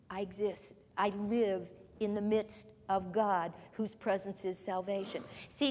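A woman pastor preaching a sermon, reading scripture aloud and asking emphatic rhetorical questions to her congregation. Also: fairly high pitch. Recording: long reverb of a large hall.

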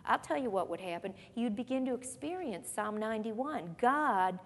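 Lady preacher reading scripture and asking questions, fairly high voice, big echoey church sound. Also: lively intonation, normal speed, slight background noise. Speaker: pastor. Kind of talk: sermon. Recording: long reverb of a large hall.

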